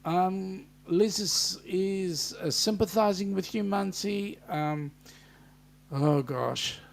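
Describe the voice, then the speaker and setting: A man's voice: high voice, takes it slowly, creaky. An Australian man hosting a casual live-stream chat, reading out viewer comments and bantering with them, with frequent ums and restarts. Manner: hesitant, many ums and restarts.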